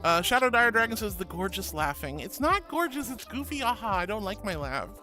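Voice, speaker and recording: A man with a notably high voice greets his stream chat one by one, calling everyone sweetie and honey. He plays down every compliment in a goofy, self-deprecating way. Clear background music runs under his voice throughout. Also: big pitch swings, a little fast. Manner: affectionate, calls viewers sweetie and honey. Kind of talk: livestream chat reading. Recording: loud music behind the voice.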